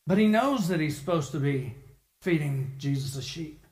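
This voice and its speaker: Lively storytelling man preaching. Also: a little high, moderate pace. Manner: lively storytelling, acting out the people in it. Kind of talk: sermon.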